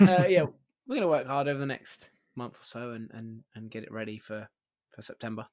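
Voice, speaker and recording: A man's voice: medium pitch, animated, brisk, a little mellow. A young man, co-hosting a podcast in casual chat, rambling, laughing often and swearing freely. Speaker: podcast co-host.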